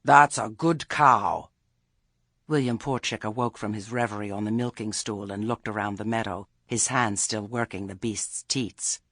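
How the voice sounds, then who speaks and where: A man's voice: on the low side, steady tone, moderate pace, hardly any pauses, no room sound. A man reading a comic story aloud with a dry, wry delivery. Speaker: audiobook narrator. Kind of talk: storybook narration.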